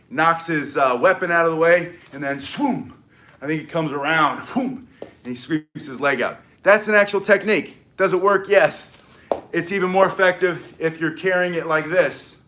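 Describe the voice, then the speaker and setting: A man's voice: on the high side, a bit bright. A man teaching self-defense, explaining and demonstrating moves with energy, sometimes moving away from the mic. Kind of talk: demonstration tutorial.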